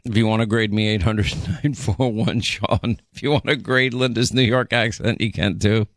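A man's voice: lowish voice, fairly even intonation, no echo, clean studio sound. Playful male talk radio host. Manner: playful, teasing, quick back-and-forth. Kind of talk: talk radio banter and ad read.

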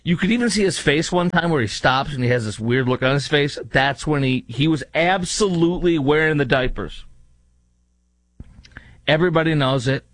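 A man's voice: on the high side, normal speed, dry recording. A man hosting a talk show, giving political commentary with sarcastic, mocking asides.

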